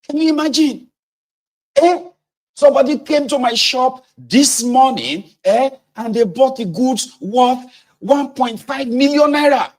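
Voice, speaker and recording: A man's voice: extremely high pitch, a little slow, a little mellow, voice pushed up. A man voicing an outraged male trader ranting in disbelief. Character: furious exasperated male trader.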